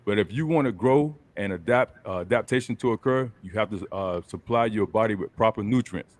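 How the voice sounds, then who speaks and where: A man's voice: fairly low pitch, fairly quick. A man hosting a casual group chat over a video call, talking in a loose, colloquial coaching way. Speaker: host.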